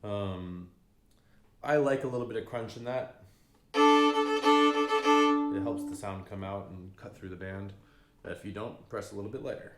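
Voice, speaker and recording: Low-voiced man teaching fiddle bowing. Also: over loud music. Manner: casual, unhurried, frequent ums, sings bowing rhythms. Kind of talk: relaxed spoken music lesson. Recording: echoey room with fiddle playing.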